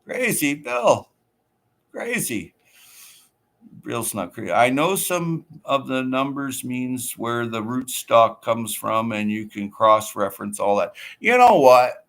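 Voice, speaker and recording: A man's voice: mid-range voice, sing-song, unhurried, creaky, a bit bright. A man hosting a casual livestream, reading out viewer comments and chatting back in an easygoing way. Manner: chatty, reads out viewer comments and answers them.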